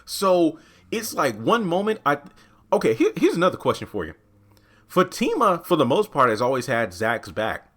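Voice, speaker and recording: A man's voice: sing-song, moderate pace, a bit bright. A man giving a casual review of a TV episode, exasperated, ranting and swearing freely. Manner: jumps into quoted lines with raised pitch. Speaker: TV show reviewer.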